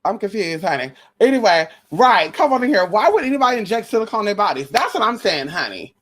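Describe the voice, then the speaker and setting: A woman's voice: medium pitch, sing-song, fast talker. A woman hosting a live stream, chatting casually about celebrity spirits with a sassy, brash, slangy manner and plenty of swearing. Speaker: livestream host. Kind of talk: casual spiritual gossip chat.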